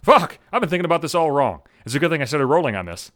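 Man, podcast host, heated profane rant, stammering restarts, lively swinging pitch, dry close sound. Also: fast talker, no room sound. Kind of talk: solo comedic rant podcast. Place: at home.

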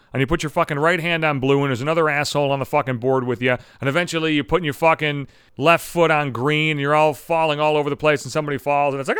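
A man's voice: a little high, a bit bright, smooth, no echo, clean studio sound. A man hosting a podcast, delivering a sarcastic, heavily profane comedic rant. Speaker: podcast host.

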